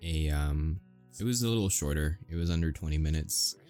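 A man's voice: extremely low pitch, brisk, warm tone, faint music behind. An American man who makes audio roleplays, chatting casually and rambling to his listeners, swearing and chuckling often.

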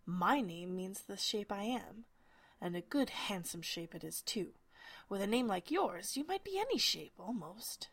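Woman putting on a pompous egg man, touchy, loud, boastful, storybook. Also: medium pitch, big pitch swings, measured pace, husky, heavily acted. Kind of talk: storybook reading.

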